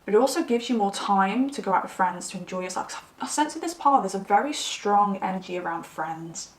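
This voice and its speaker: A woman's voice: medium pitch, fairly quick. Chatty woman reading tarot. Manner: chatty, rambling, animated storytelling. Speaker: tarot reader. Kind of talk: casual pick-a-card reading to camera. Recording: roomy, slightly distant mic.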